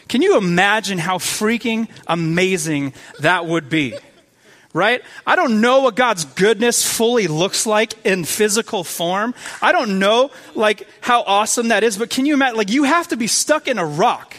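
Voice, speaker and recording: A man with a noticeably high voice gives a relaxed, talky sermon. He speaks with eager enthusiasm, often stumbling over and repeating his words. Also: normal speed. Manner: conversational, enthusiastic, many fillers and repeats. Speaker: preacher. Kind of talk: casual sermon.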